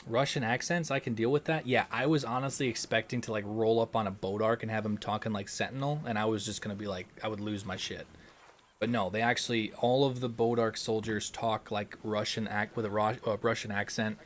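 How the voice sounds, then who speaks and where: A man's voice: lowish voice, a little fast, slight background noise. Rambling young man hosting a game stream. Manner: relaxed, rambling, frequent ums and restarts. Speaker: gaming livestream host. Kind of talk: casual livestream chat reading super chats.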